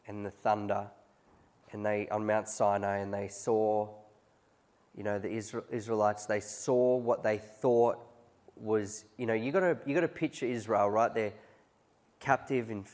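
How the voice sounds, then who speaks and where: A man's voice: on the low side, steady tone, unhurried, pauses often, a little mellow. A man preaching a conversational sermon, often chuckling as he tells stories to his congregation. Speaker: pastor.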